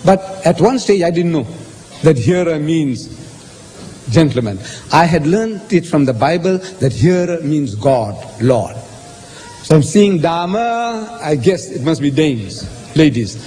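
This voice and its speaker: Man explaining bible verses, animated delivery, faint background ambience. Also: on the high side, a little slow, slight background noise. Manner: animated, quotes verses in character, rhetorical questions. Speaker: lecturer on scripture. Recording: hall reverb with faint ambience.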